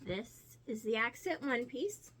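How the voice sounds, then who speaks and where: A woman's voice: a little high, lively intonation, takes it slowly, a bit bright, breathy edge. A woman casually narrating her week's quilting and sewing projects, walking through each piece step by step. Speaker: crafting vlogger. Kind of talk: casual show-and-tell narration.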